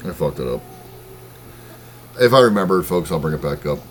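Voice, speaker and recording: A man's voice: extremely low pitch, very animated, brisk, slight background noise. A man co-hosting a podcast in casual chat, rambling, swearing and losing his train of thought. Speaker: podcast co-host.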